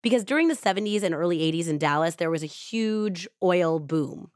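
A woman hosts a true crime podcast in a casual, conversational way, often dropping in "like". Her voice sits on the low side. It is recorded close up in a dry space. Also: animated, brisk, darkish tone, no room sound. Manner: casual and chatty, with frequent "like". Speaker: podcast host.

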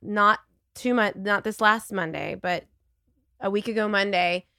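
A woman's voice: medium pitch, a little slow, pushed and bright, no room sound, studio quality. A woman from Texas telling stories as a guest in a casual podcast chat.

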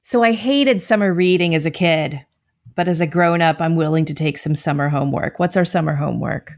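A woman's voice: deep voice, fairly quick, a little mellow. A woman co-hosting a podcast, asking questions in a light, conversational way. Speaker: podcast co-host.

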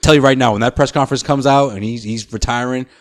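A man's voice: mid-range voice, fairly even intonation, quick pace, no room sound. A man hosting a casual sports podcast, talking animatedly and slipping into mock voices to joke. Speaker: podcast host.

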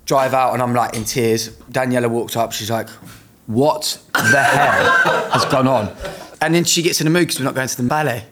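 A man's voice: mid-range voice, steady tone, fast talker, hardly any pauses, heavy background noise. A young man from England, a guest singer, telling a casual story with laughter and acted-out quotes.

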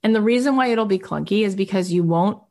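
A woman's voice: medium pitch, quick pace, a little mellow. A woman sales coach talking casually and energetically, acting out little dialogues with customers. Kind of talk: coaching talk.

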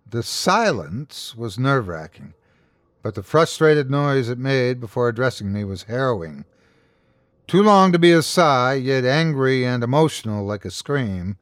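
A man hosting and narrating a scripted horror story in the first person, tense and deliberate. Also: medium pitch, dry recording, clean studio sound. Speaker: host and narrator.

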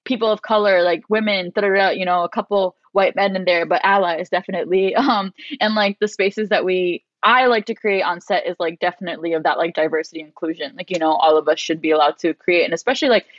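A young woman, a guest, telling a story in casual chat. She is lively, says "like" a lot and jumps into higher voices when she quotes people. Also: quick pace, few pauses, dry recording, highs cut off. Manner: animated, heavy use of "like", acts out quotes in a higher voice.

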